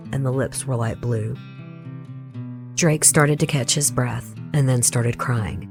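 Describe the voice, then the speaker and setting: A true crime podcast host with a Southern US accent, reading a scripted case narration with blunt, opinionated asides. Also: mid-range voice.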